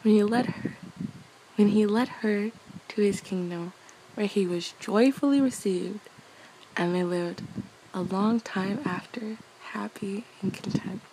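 Softly and casually, a young woman reads a fairy tale aloud for bedtime at a measured pace, her pitch in the ordinary middle range. Poor audio and slight background noise accompany her, and she giggles gently when she trips over words.

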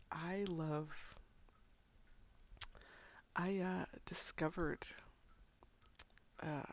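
Giggly, gravelly young woman chatting slowly. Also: low-pitched. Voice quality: frequent giggles, breathy whispered asides. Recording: slightly dull lo-fi sound.

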